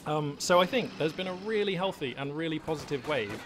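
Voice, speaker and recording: A man's voice: a little high, animated, brisk, background noise. A man hosting his gaming channel, talking off the cuff from his home hobby room in a loose, rambling way full of ums and restarts. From England. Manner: rambling, many fillers and restarts, chatty. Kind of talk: casual unscripted monologue. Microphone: webcam setup.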